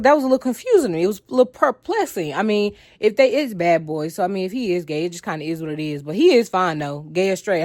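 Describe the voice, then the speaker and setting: A woman's voice: medium pitch, darkish tone, no room sound, clean studio sound. A young adult woman giving a candid, chatty review of a reality show, blunt and playful in her remarks. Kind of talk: casual review vlog.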